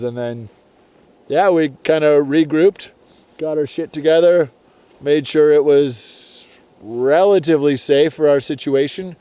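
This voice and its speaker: Laid-back young snowboarder guy, mellow and smooth. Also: a little high, no echo. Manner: casual, laid-back slang. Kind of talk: on-location vlog storytelling. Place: snowy mountain slope outdoors.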